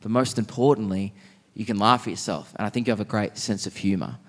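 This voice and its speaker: A comedian doing a gruff old Aussie veteran. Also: male voice, on the low side, quick pace, big-room sound, pitched below the performer's own voice, natural voice. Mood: heartfelt. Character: older male war veteran, gruff yet tender.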